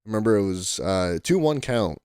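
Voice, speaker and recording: A man's voice: on the low side, normal speed, smooth, dry recording, clean studio sound. A man in his twenties telling a story to camera in a casual, rambling way, full of "like" and restarts. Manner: rambling, excitable, heavy use of "like" and restarts. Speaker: vlogger.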